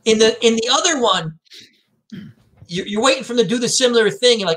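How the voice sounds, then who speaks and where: A man's voice: high-pitched, animated, a little fast, fairly bright tone. A man chatting casually, animatedly retelling movie scenes and acting out the lines. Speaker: co-host. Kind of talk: casual chat.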